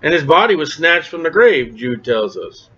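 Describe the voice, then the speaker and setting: A man with a rather high voice leads a lively verse-by-verse Bible study sermon. He talks in a conversational way and acts out the people he quotes. The recording sounds dull and lo-fi. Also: moderate pace, husky. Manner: animated and conversational, acting out quoted speakers. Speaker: Bible teacher.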